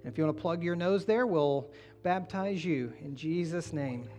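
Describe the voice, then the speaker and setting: A man's voice: a little high, normal speed, a little hiss or hum. A man pastor leading a baptism service, chatty and encouraging with the people coming forward. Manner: warm, encouraging, chatty asides.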